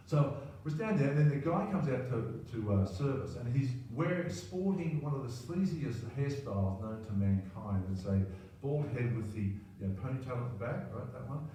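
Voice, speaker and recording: Mellow older Australian man in a roomy space. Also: medium pitch, lively intonation, moderate pace, few pauses, slight background noise. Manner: rambling, self-deprecating, keeps adding "right?". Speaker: storyteller. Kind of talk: personal anecdote monologue. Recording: very roomy, distant mic, faint ambience.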